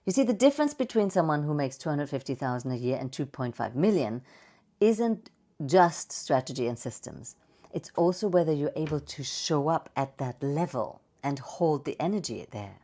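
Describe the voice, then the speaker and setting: A woman voice coach giving a playful, expressive presentation with slides and vocal demonstrations. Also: deep voice, normal speed. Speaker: voice and speaking coach.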